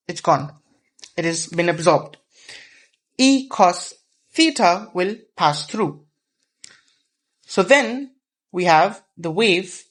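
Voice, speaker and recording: A man's voice: high-pitched, fairly bright tone. A man teaching a whiteboard physics lesson, explaining patiently step by step and repeating key terms.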